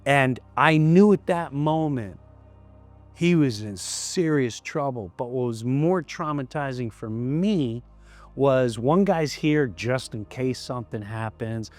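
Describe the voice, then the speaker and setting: A man's voice: mid-range voice, lively intonation, slow pace, faint music behind. A male comedian recounting a story in an interview, emphatic and repetitive, sometimes dropping to a near-whisper.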